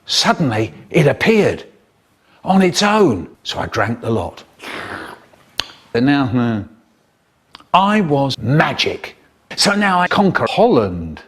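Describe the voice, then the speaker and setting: A man telling comic stories in a theatrical, animated way, cut up and re-edited. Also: medium pitch, takes it slowly, long pauses, slightly rough. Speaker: children's storyteller. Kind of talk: chopped-up comic storytelling.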